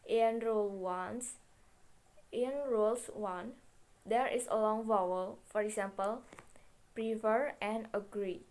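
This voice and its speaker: Slow, careful young woman reading a lesson. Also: medium pitch, fairly even intonation, darkish tone, low-quality recording. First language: Indonesian. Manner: slow, careful reading with repeated words and self-corrections. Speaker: student presenter. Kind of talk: reading a phonetics class presentation.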